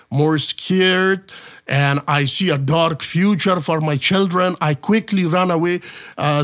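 In a podcast interview, an Afghan man shares his own story with earnest sincerity. His voice is fairly high and a bit bright, and he halts often, restarting and filling gaps with filler words.

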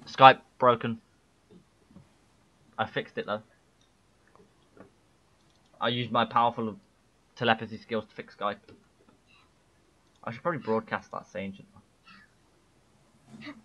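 A man's voice: on the low side, fairly even intonation, slow, long pauses, pushed and bright, muffled recording. A British man hosting his own game live stream, chatting casually and teasing playfully. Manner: playful, jokey, teasing banter. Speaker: livestream host.

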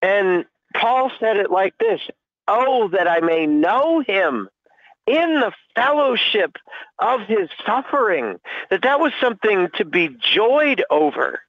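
A man's voice: high voice, sing-song, takes it slowly, dry recording. A man speaking earnestly as a church panelist, preaching with many fillers over a lo-fi stream. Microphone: online call or stream mic.

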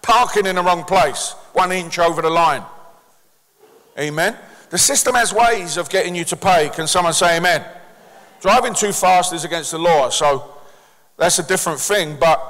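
A man with a Cockney accent preaching a sermon as senior pastor, calling out questions and drawing answers from his congregation. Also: sits high. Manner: lively preaching with call-and-response to the congregation. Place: church hall with a congregation. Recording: echoey church hall.

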